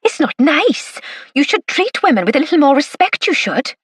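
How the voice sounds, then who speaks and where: A woman's voice: sits high, big pitch swings, normal speed, fairly bright tone, dry recording, clean studio sound, voice pushed up. A woman voicing a maid who puts on a broad Welsh Valleys accent to scold a man. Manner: scolding, folksy.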